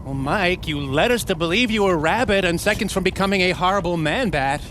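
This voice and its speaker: A man's voice: high-pitched, animated, fairly quick, a bit bright, a little hiss or hum. A man joking playfully in a comedy riff session. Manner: playful, jokey. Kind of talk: comedic movie riffing.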